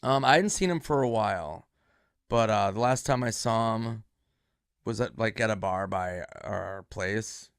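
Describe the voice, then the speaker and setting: A man's voice: on the low side, measured pace, gravelly, clear, resonant tone, no room sound, clean studio sound. Laid-back man telling a story. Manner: laid-back, acts out quoted voices. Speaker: comedian guest. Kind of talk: casual storytelling.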